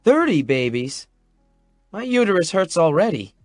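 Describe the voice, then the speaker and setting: A man's voice: on the high side, animated, moderate pace, dry recording, clean studio sound, faint music behind, voice pushed up, lightly acted. Man voicing a wobbly tender young woman. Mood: playful. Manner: wobbly, emotional, soft-spoken. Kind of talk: audiobook character voice.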